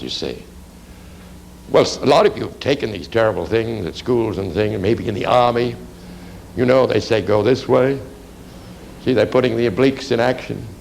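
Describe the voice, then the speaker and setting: A man with a gravelly, creaky voice gives a drawing lecture on anatomy, rambling and conversational with plenty of fillers. There is a faint hiss of noise behind him. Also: on the low side, darkish tone, rough recording. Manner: rambling, conversational, lots of fillers and "you see".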